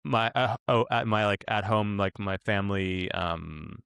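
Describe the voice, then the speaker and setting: A man's voice: lowish voice, measured pace, creaky, a bit bright, smooth, no room sound. A man co-hosting a podcast in casual chat, joking and rambling, often laughing. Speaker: podcast co-host.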